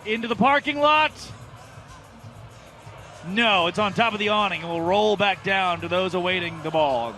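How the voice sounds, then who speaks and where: Bright-voiced excitable male baseball announcer. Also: sits high, unhurried, pauses often, faint music behind, some chatter behind. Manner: excitable, jokey, often shouting calls. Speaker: play-by-play announcer. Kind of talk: live baseball commentary. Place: broadcast booth at a ballpark.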